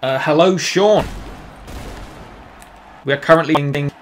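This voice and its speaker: A man streaming live gameplay, reacting with excited, jokey commentary. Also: on the high side, takes it slowly, a little hiss or hum. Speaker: game streamer.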